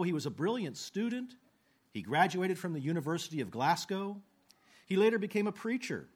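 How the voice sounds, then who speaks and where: Guy preaching a sermon, earnest, pitch all over the place, voice drops low at phrase ends. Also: breathy edge. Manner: slows down for quoted scripture.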